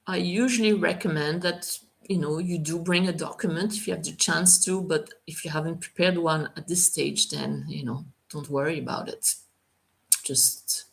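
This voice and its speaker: Low-voiced woman teacher on a live stream, slow and easygoing, lots of ums, careful french examples. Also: vocal fry. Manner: relaxed, chatty, with frequent fillers and careful French examples. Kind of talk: live Q&A tutoring session.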